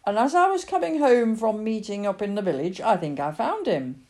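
A kindly country neighbour bearing bad news, voiced by a woman reader, pitched a little higher than her own tone. He sounds earnest and careful, with a mellow warmth and lively lilt. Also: normal speed. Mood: grave. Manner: earnest rural speech. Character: male neighbour, kindly, middle-aged, apologetic.

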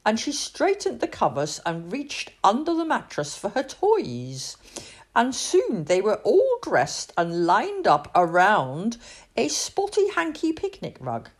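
Brief: woman storyteller, children's read-aloud, very lively sing-song pitch, slow and clear. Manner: expressive, sing-song reading.

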